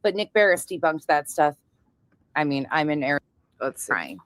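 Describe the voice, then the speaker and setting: A woman's voice: deep voice, sing-song, moderate pace, a bit bright, dry recording. A woman hosting a livestream, commenting bluntly on a clip to her chat. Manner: blunt, talks over clips to chat. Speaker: livestream host.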